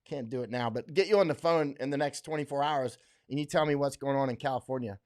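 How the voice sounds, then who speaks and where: A man's voice: medium pitch, quick pace. A middle-aged man from Florida hosting a casual livestream, rambling with many fillers and restarts, blunt and emphatic as he reads viewer comments. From Florida, USA. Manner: blunt, emphatic, laughs often.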